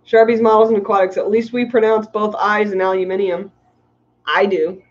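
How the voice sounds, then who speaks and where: A woman's voice: medium pitch, steady tone, normal speed. A middle-aged woman rambles cheerfully to her viewers, giggling and stacking up likes. The audio is muffled, like a lo-fi stream. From United States. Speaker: fishkeeping livestream host. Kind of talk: casual livestream chat reading comments.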